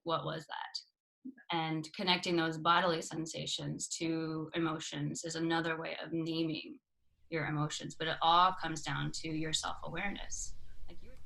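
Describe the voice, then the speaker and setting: A woman's voice: deep voice, gravelly, bright, forceful tone. A woman co-hosting a casual conversation, thinking aloud in a reflective way. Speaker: co-host.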